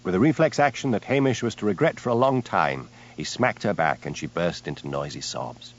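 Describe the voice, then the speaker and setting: A man narrating an audiobook in a lively, dramatic storytelling manner, on a dull lo-fi recording. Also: deep voice, a little fast. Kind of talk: scripted narration.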